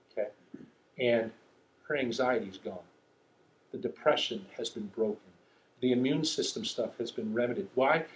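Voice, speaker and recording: A man's voice: mid-range voice, a little hiss or hum. A man preaching a sermon in a conversational way, often checking in with "okay?". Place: church sanctuary. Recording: echoey room.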